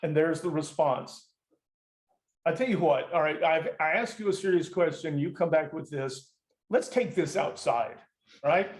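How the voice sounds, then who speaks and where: Conversational preacher, slightly high voice. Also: male voice, measured pace. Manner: conversational, emphatic, with frequent restarts. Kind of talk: teaching sermon. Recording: roomy echo.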